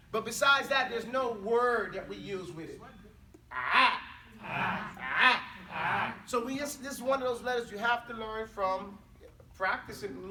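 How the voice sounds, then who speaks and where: A man teaching Arabic pronunciation to a class, loudly modelling sounds for students to repeat and then explaining them. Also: sits high. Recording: roomy classroom, far from the mic, class audible.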